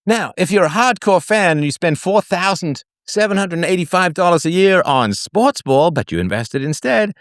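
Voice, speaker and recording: A male host talks through a solo live broadcast, his pitch leaping widely from phrase to phrase. He reads off numbers and drops sarcastic, mocking jokes as he goes. The sound is dry and close, with no room behind it. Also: expressive, moderate pace, few pauses, no echo. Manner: jokey asides between figures read out. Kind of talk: solo livestream monologue.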